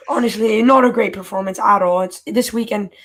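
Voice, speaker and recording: Exasperated caller with a high voice. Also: male voice, fairly bright tone, a little hiss or hum. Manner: exasperated, voice jumps high when worked up. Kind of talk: ranting fan call-in.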